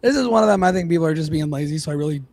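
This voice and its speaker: High gravelly dude going off on a podcast, cussing a lot, kinda husky. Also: male voice, lively intonation, very fast, a little mellow, no room sound. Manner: ranting, swears freely, mocking voices. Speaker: podcast co-host. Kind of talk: casual profane chat.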